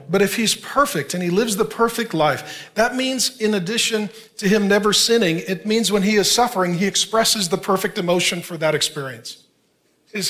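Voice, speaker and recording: A man's voice: high voice, a bit bright. A middle-aged male pastor preaching a sermon, reading scripture aloud and speaking earnestly and directly to his congregation.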